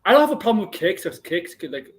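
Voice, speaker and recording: A man hosting a casual wrestling podcast, excitable and rambling, swearing freely. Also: high-pitched, fast. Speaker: podcast host.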